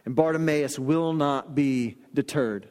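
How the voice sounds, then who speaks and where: A man delivers a sermon with a notably high voice. He tells stories animatedly and sinks into quiet earnest emphasis. His voice rings with long reverb from a large hall. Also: measured pace, clear, resonant tone. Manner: storytelling, shifts into quoted voices and soft emphatic lines. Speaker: pastor.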